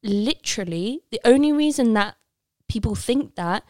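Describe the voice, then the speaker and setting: A woman's voice: on the high side, lively intonation, normal speed, a little mellow, no room sound, clean studio sound. A young woman from Leicester, England, chatting as a podcast guest in a playful, rambling, self-mocking way. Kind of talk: casual podcast chat.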